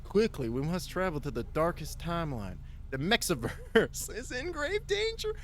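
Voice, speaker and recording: A man's voice: on the high side, huge pitch swings, normal speed, a little hiss or hum. A man voicing a laid-back stoner goat man in a drawling stoner voice, reading game dialogue aloud. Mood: urgent.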